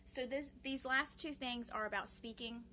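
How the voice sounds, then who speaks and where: A woman hosting a casual live video for grief support speaks earnestly to her viewers, using many fillers and restarts. Her voice is fairly high, pushed and bright, at a normal speed, with slight background noise.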